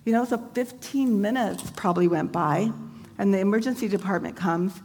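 A woman's voice: medium pitch, normal speed, darkish tone. A woman sharing a personal faith testimony, retelling events vividly and conversationally with casual fillers. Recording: long hall reverb, faint background noise.

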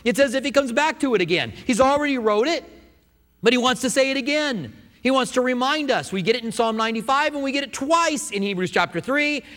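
A man's voice: very high-pitched, animated, a little fast, fairly bright tone. Man preaching in a reverberant church. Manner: earnest, conversational preaching with restarts. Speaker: pastor. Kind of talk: sermon. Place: church sanctuary.

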